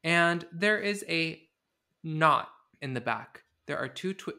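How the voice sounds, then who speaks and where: A man hosting a podcast, telling the story in an animated, sarcastic way in casual comedic chat. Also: a little high, slow, clean tone. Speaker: podcast host.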